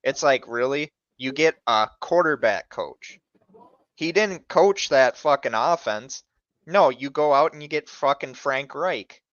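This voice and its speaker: A man's voice: medium pitch, animated, unhurried, fairly bright tone, no echo, muffled recording. A man co-hosting a podcast, profane and opinionated in casual sports chat. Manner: profane, opinionated, name-dropping. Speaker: podcast co-host.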